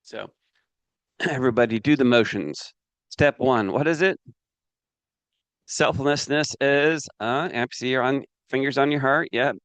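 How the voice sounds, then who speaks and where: A man leading a live business training seminar, energetic and coaxing the audience to join in. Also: mid-range voice, unhurried, long pauses, dry recording.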